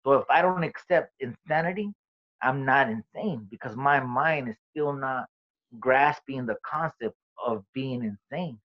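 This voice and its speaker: A man in a relaxed interview tells his own story in loose, profane street talk. He drops in the lines other people said as he goes. The recording is a bit dull and lo-fi, and his voice sits in a middle register. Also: medium pitch, a little slow. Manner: swearing, streetwise storytelling with quoted dialogue. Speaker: interview guest, comedian.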